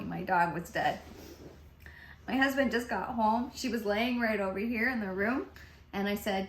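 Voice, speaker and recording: A woman's voice: fairly high pitch, lively intonation, a little slow, fairly bright tone, a little hiss or hum. A woman chatting casually through a makeup vlog, rambling and restarting her sentences as she talks. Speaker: beauty vlogger. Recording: roomy echo.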